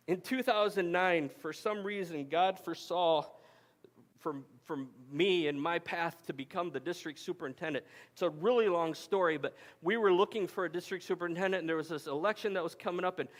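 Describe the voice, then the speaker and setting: A man in his forties delivers a sermon with a notably high voice. He tells stories in a loose, conversational way, often doubling back on his words as he goes. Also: moderate pace. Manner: conversational storytelling with frequent restarts. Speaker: pastor. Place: camp meeting hall.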